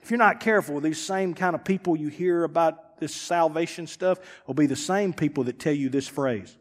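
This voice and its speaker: A pastor preaching with a fairly high voice, rising to loud emphatic peaks and dropping to near-whispers. His voice rings with the long reverb of a church hall. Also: moderate pace, few pauses. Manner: emphatic preaching with dramatic swings from loud to hushed. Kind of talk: sermon.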